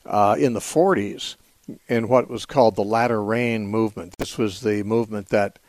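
A man hosting a call-in radio show, answering callers in a measured, thoughtful way with frequent fillers. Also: fairly low pitch, steady tone, darkish tone, no echo. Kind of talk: call-in radio Bible teaching.

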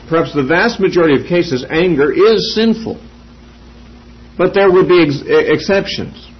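A man with a somewhat raised, husky voice works carefully through scripture in an expository teaching, asking and answering his own questions. The recording is dull and lo-fi. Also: fairly high pitch. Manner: measured, reasoning aloud with quoted scripture. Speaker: Bible teacher.

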